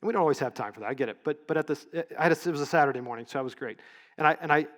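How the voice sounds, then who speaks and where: On an event stage at a leadership event, a middle-aged man gives a storytelling keynote in a slightly high voice at a racing pace. His delivery is relaxed, conversational, and story-driven, and he sometimes catches and corrects his own words.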